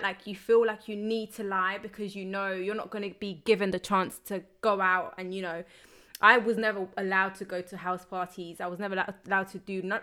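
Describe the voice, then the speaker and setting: In casual chat, a woman with a medium-pitched voice tells stories with animation, acting out the dialogue she quotes.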